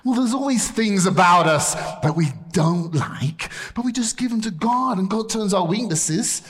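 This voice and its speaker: A man's voice: high voice, lively intonation, moderate pace. A man entertaining children at a camp as a ventriloquist, playful and jokey, mixing gags with encouragement about faith. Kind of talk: lively children's show with preaching. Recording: hall reverb.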